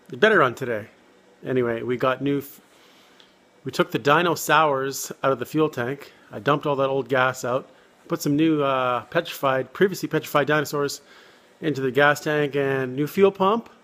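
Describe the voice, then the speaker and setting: A man's voice: medium pitch, fairly bright tone. A man filming a casual garage vlog, talking while he works on an old car, jokey and self-deprecating. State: out of breath. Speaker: car hobbyist vlogger. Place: home garage and driveway.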